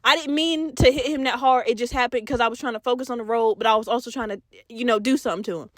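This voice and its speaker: Animated, profane high-voiced woman podcaster. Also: quick pace, dry recording, studio quality. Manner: animated, profane, laughs while telling stories, acts out voices. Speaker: podcast host. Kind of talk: casual storytelling monologue.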